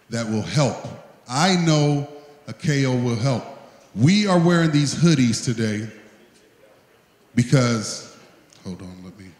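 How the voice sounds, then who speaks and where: A man hosting an event gives an emotional tribute speech, talking in a heartfelt, plain-spoken way. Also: mid-range voice. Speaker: event host. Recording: echoey hall.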